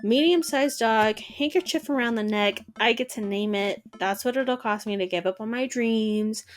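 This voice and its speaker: A woman voicing a playful teenage daughter who teases in a deadpan way. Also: on the high side, normal speed, faint music behind, close to an everyday voice. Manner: teasing, deadpan.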